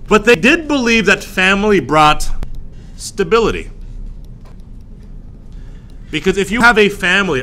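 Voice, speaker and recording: A male teacher lecturing a classroom, full of jokes and quick acted-out bits. His voice is bright and sharp, sitting a bit higher than most men's. Faint room noise hangs behind him. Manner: lively, jokey, acts out voices.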